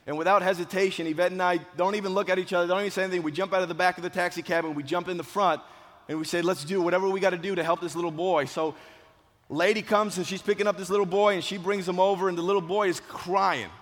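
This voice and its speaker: A man, once a police officer, telling a personal story as a motivational speech, dramatic and swinging between hushed and loud. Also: high voice, steady tone, fast. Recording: long hall reverb.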